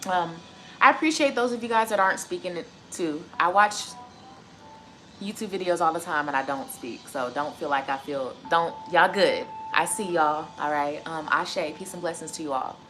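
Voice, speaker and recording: A woman's voice: lowish voice, moderate pace, a bit bright, faint music behind. A woman in her twenties, a tarot reader chatting live to her viewers in a casual, profane, heated rant. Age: 20s. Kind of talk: casual livestream chat.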